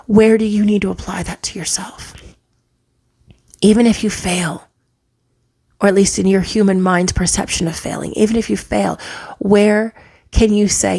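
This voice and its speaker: A woman giving an earnest spiritual tarot reading, a parent who often drops into soft whispers for emphasis. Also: mid-range voice, unhurried, pauses often, husky. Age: adult, parent of a child. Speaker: tarot reader. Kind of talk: spiritual pick-a-card reading.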